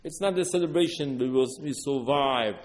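A man giving an earnest Torah sermon, repeating words and bursting into loud emphasis. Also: medium pitch, normal speed. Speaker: religious teacher. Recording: long hall reverb.

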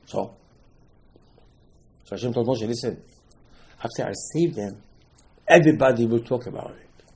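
A man giving a Torah sermon, telling stories and acting out the characters' dialogue. He swings between loud exclamations and hushed asides. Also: fairly high pitch. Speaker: rabbi giving a Torah class. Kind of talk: animated Torah sermon with storytelling.

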